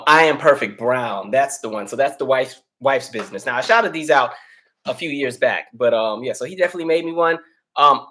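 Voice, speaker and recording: Male host doing laid-back live chat with viewers, slightly winded, easygoing delivery. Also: medium pitch. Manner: relaxed, chatty, reads viewer names aloud. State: out of breath. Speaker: livestream host. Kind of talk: casual livestream chat.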